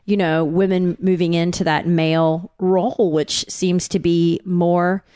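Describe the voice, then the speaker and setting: A woman with a somewhat low voice joining a casual talk-show conversation. She speaks in a halting way, pausing and searching for the right words. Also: flat delivery, mellow, smooth.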